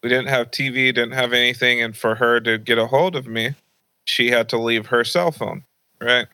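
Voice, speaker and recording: A young man on a podcast, casually telling a funny personal story and acting out high-pitched voices of his mom and grandma. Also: steady tone, normal speed, pushed and bright, smooth, dry recording, low-quality recording. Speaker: podcast host.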